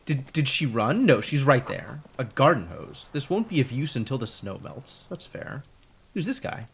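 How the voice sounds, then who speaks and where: A man streaming a video game live, talking through it in an animated, rambling, self-amused way. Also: medium pitch, normal speed, creaky, slight background noise. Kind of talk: live gameplay commentary.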